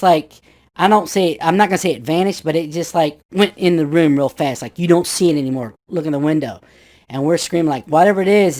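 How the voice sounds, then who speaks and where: Man telling a ghost story, animated. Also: fairly high pitch. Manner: animated, acts out friends' voices, rambling with restarts. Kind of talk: casual spoken ghost story.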